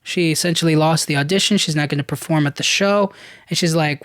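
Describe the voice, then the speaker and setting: A man's voice: on the high side, fast talker, a bit bright, no echo, clean studio sound. A young man hosting a podcast, retelling a film in loose casual chat, full of "like" and "you know". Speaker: podcast host.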